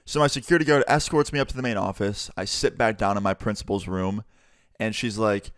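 A man's voice: on the low side, brisk, a bit bright, clear, resonant tone, no echo, clean studio sound. A young man casually telling a storytime about his school days, acting out the dialogue as he goes. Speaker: YouTuber. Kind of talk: storytime narration.

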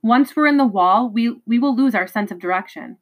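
A woman's voice: on the high side, expressive, brisk. A woman voicing a determined ten-year-old boy in a storybook reading, speaking earnestly.

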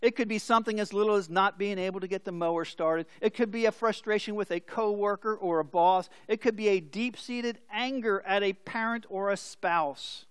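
A man's voice: high-pitched, normal speed, few pauses, fairly bright tone, clean tone, no echo. A male pastor preaching a sermon, explaining scripture and telling stories with acted-out voices.

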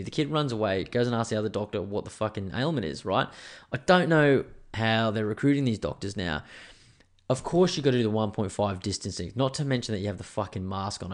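A man with an Australian accent hosting a solo podcast, ranting angrily and swearing as he rambles. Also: lowish voice. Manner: angry, profane, rambling. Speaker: podcast host.

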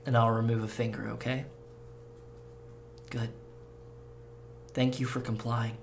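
Guy doing a quiet menacing kidnapper, calm and cold, slight hum behind. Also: mid-range voice, measured pace, creaky. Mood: calm threat. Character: cold masked male kidnapper, calm and threatening.

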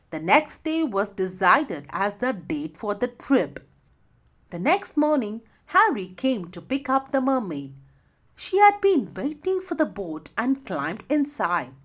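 A woman narrating a children's story slowly and expressively. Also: fairly high pitch, very animated.

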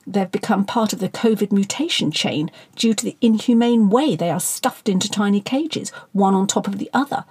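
A woman's voice: mid-range voice, animated, normal speed, few pauses, darkish tone, breathy edge. A woman narrator voicing a short-tempered, scornful male political boss in an audiobook, with a sneering, barking delivery. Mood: sceptical.

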